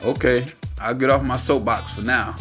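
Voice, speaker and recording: A man's voice: mid-range voice, steady tone, normal speed, fairly bright tone, faint music behind, natural voice. A man reading exasperated friend Julian. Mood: scolding. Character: exasperated level-headed man, radio host, adult.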